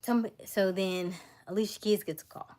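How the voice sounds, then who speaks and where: Livestream host, woman, lively casual storyteller who laughs often. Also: mid-range voice, brisk. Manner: animated, laughing, acts out voices.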